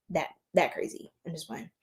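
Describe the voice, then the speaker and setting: A woman's voice: lowish voice, measured pace, mellow. Female tarot streamer, late at night; tired, scattered, giggly, chats with viewers nonstop. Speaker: tarot reader livestreaming.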